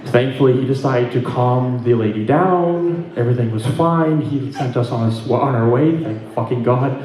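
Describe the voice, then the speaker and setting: A man's voice: mid-range voice, moderate pace, a little mellow, very echoey, slight background noise, poor audio. A middle-aged man from Ontario doing stand-up comedy, telling a story with lots of swearing and laughing between punchlines. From Ontario, Canada.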